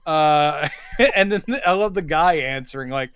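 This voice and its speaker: A man retelling movie scenes to his co-host at an easy pace, quoting the characters as he goes. His voice is smooth and resonant and sits a little on the high side. The recording is dry and close, with no room sound. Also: normal speed, fairly bright tone, no room sound. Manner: easygoing, recounts scenes, quotes dialogue. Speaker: podcast co-host. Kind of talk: casual movie chat.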